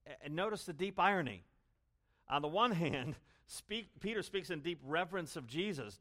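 A man preaching an expository sermon as pastor, stressing words loudly and then dropping to low asides. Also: sing-song, normal speed. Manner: emphatic, swings between loud stresses and low asides.

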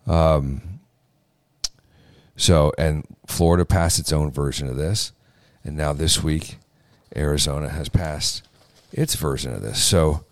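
A man with a low, deep voice delivers casual political commentary as a podcast host. He talks off the cuff, stumbling into restarts and repeating words for emphasis. The sound is dry and close, with no room around it. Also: takes it slowly, dry recording. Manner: conversational with fillers, restarts and emphatic repetitions.

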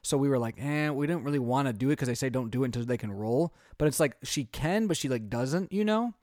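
A man in his thirties, a podcast co-host and father, chatting casually and telling animated stories. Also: medium pitch, quick pace, no room sound, clean studio sound. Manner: chatty, animated storytelling with quoted voices. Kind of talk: casual chat.

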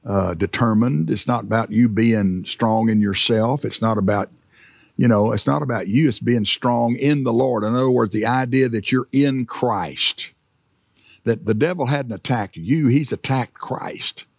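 Middle-aged preacher, gravelly, dry close sound, conversational, hammers key words. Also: male voice, mid-range voice, moderate pace, no room sound. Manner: conversational, repeats words for emphasis. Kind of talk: sermon.

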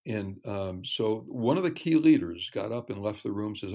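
A man talking as a ministry guest in an interview, earnest and measured, telling stories. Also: fairly low pitch, animated, creaky, warm tone. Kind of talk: casual interview chat.

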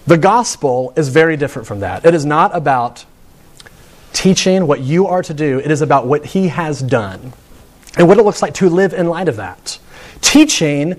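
A man's voice: on the high side, lively intonation, moderate pace. A man preaching a conversational sermon, telling stories and building to points with rising emphasis. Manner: chatty and storytelling, with frequent restarts and rising emphasis.

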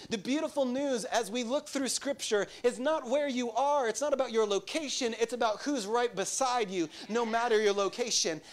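High-voiced man preaching a sermon. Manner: rhetorical questions to the congregation, emphatic repetition. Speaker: pastor.

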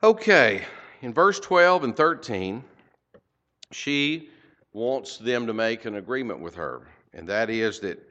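A man's voice: medium pitch, a bit bright, dull audio. An older man teaching a Bible passage verse by verse, folksy, with rhetorical questions and personal stories.

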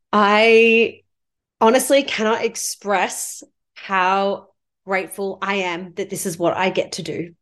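A woman hosting her own podcast as a money mindset coach. She speaks in a heartfelt, effusive, spiritual coaching manner. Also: mid-range voice. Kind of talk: solo podcast monologue.

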